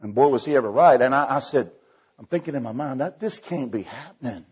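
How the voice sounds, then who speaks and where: A man's voice: mid-range voice, animated, fairly quick, slightly rough, highs cut off. A man preaching a folksy sermon, telling a story and acting out the dialogue with many restarts. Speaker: evangelist preacher.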